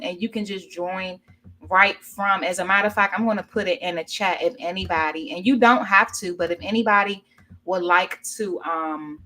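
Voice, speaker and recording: A woman's voice: medium pitch, pushed and bright. Rambling woman host on a livestream. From Washington, D.C. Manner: rambling, reads viewer comments aloud. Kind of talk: casual livestream chat.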